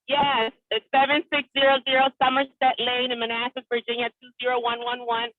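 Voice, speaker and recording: A woman on a team call, speaking quickly and eagerly while she drives, heard over a phone. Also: on the high side, little pitch movement. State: driving. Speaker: real estate agent on a team call. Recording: tinny dry phone line.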